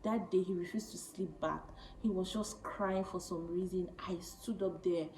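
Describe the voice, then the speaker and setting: A woman in her late twenties telling a personal story to camera, chatty and animated, often laughing. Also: lowish voice, normal speed, reverberant, slight background noise, low-quality recording. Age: late 20s. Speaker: vlogger.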